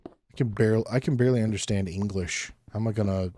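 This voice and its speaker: A man streaming a block-building game, chatting casually with his chat in a laid-back, rambling way and thinking aloud between pauses. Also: lowish voice, mellow, slight background noise. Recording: faint music underneath.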